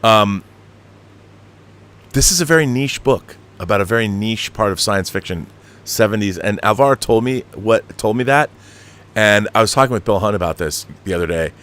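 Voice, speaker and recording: At a fairly low pitch and normal speed, this middle-aged host reads out viewer chats during a casual live stream. His reactions are lively, marked by repeated restarts, laughs, and the odd curse when he's annoyed.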